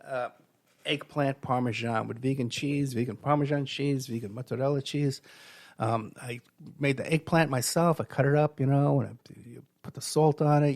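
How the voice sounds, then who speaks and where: A middle-aged man hosts a radio show, delivering a rambling storytelling monologue packed with fillers and restarts. His voice is mid-range and a little mellow, recorded with no room sound.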